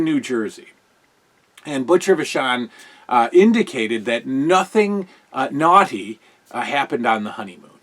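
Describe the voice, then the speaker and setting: A middle-aged man hosting a podcast, reviewing old wrestling shows in casual, rambling talk. He gets excitable and often restarts his sentences. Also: mid-range voice. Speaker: podcast host.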